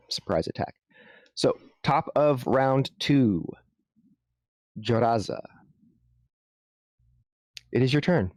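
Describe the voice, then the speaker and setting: A man running a tabletop game as game master, explaining rules in a halting way with frequent restarts. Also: medium pitch, no echo, clean studio sound.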